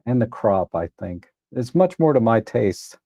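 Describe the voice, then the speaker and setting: A male host of a photo editing livestream gives casual live commentary in a gravelly, mid-range voice, a little slow and with no echo. He's relaxed and rambling, correcting himself with frequent restarts, and tired enough to admit he's yawning.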